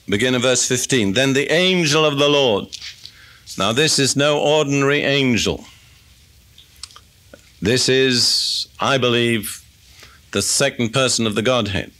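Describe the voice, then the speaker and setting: Male preacher, bright clear tone, conversational Bible teaching, reads verses aloud. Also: medium pitch. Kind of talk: expository sermon.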